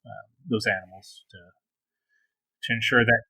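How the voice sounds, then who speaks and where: A man co-hosting a podcast, rambling through his points with frequent ums and restarts. His voice sits low but has a bright, forward edge, and the recording sounds dry and close with little room sound. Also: fairly even intonation, slow pace, creaky, no room sound, rough recording. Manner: rambling, hesitant, full of ums. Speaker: podcast co-host. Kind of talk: casual chat.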